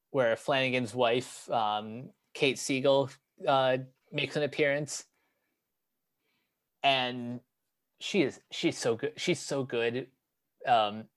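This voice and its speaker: An American man in a relaxed review chat picks his words slowly, stopping often with ums and restarting his sentences. His voice sits in an ordinary middle pitch. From United States. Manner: hesitant, many ums and restarts.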